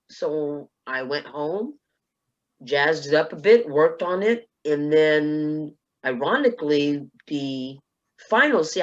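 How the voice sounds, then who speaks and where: A woman from South Texas on a panel, telling a personal story in a lively way and acting out the dialogue. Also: deep voice, muffled recording. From South Texas, USA. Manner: lively, acts out dialogue in quotes. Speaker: panelist, speech contest finalist.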